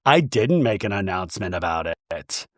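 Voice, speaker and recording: A man doing an impression of a haughty, evasive woman who boasts about her horse, speaking in flat, clipped denials. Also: on the low side, moderate pace, no room sound, clean studio sound, voice pushed down. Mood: defensive.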